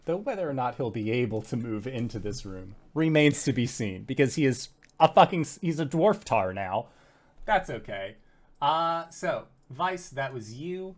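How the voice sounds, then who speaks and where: A man narrating as game master of a tabletop game, with animated bursts of shouted character lines. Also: mid-range voice.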